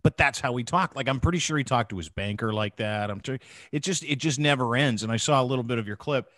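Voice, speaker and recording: A man's voice: quick pace, fairly bright tone, dry recording, clean studio sound. A man hosting a podcast, telling stories in casual, profane banter. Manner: profane storytelling, drops into a low breathy impression. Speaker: podcast host.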